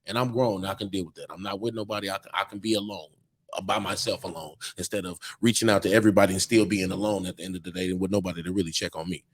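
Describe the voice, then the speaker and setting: A podcast co-host, recording on location in a bar, speaks very fast in a low, steady voice. In a casual chat he hands out blunt, preachy relationship advice full of slang.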